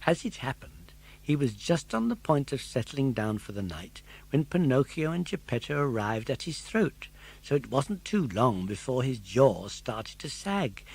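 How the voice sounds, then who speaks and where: Lively older man reading a storybook. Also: mid-range voice, measured pace, creaky, husky. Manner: expressive, animated storytelling. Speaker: audiobook narrator. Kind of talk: storybook narration.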